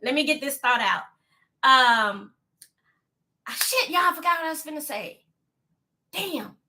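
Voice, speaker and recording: High-voiced, bright woman in her fifties. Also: animated. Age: 50s. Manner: emphatic, repeats points, greets viewers mid-sentence; slows down to stress key lines. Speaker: vlogger on a live stream. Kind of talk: casual chat to a live audience.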